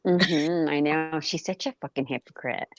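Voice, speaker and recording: A woman's voice: low voice, normal speed, no room sound. A woman in casual livestream gossip, blunt, profane and mocking as she talks about someone else. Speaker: livestream co-host.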